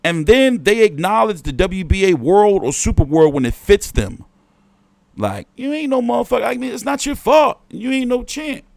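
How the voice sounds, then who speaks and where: A man's voice: big pitch swings, normal speed, vocal fry, no room sound. A man hosting a boxing livestream, ranting in heated, profane bursts. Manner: profane, heated ranting with swings in pitch and volume. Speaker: boxing show host. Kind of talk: livestream rant.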